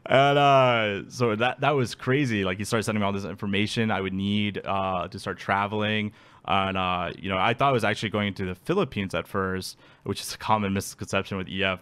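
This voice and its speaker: Lowish-voiced man telling his story. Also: fairly quick, clean tone. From Alaska. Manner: animated, laughs often, acts out quotes. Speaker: guest. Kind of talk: casual interview storytelling.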